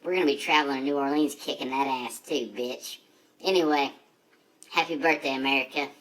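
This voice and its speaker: A man's voice: medium pitch, steady tone, brisk, fairly bright tone, close to an everyday voice, low-quality recording. A man playing a brash, foul-mouthed redneck drag racer in a comedic monologue, full of profane, rambling, boastful trash talk.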